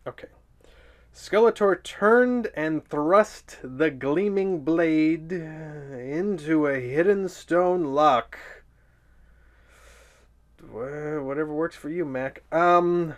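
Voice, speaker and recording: Slow, sarcastic man reading a storybook. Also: fairly high pitch. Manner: sarcastic, playful, rambling asides. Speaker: storybook reader and comedian. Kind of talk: comedic storybook reading with asides.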